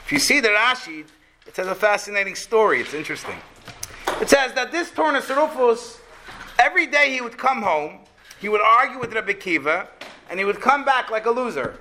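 A man teaching a Torah lesson, retelling a story as a lively storyteller who asks his listeners rhetorical questions. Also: sits high, normal speed, slight background noise.

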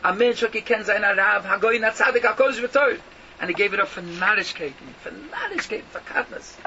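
A rabbi whose voice sits high speaks fairly quickly, with a crowd audible behind him, in an emphatic yeshiva-style Torah lecture. He fires rhetorical questions and uses Yiddish and Hebrew terms, on a muffled lo-fi recording with noticeable background noise.

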